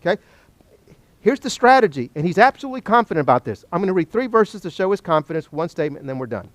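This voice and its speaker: A man teaching a Bible study, animated and joking, asking the class questions. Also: sits high, fast talker, no echo.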